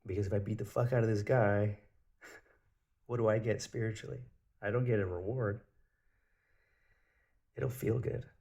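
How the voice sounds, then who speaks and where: A man's voice: lowish voice, fairly even intonation, measured pace, gravelly, long pauses, warm tone. A man telling stories in a rambling, casual monologue, swearing freely. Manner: rambling, profane storytelling.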